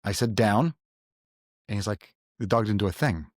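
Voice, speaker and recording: A man's voice: on the low side, quick pace, dry recording, studio quality. A middle-aged man hosting a podcast, giving earnest parenting advice in casual chat and telling stories with quoted voices. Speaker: podcast host.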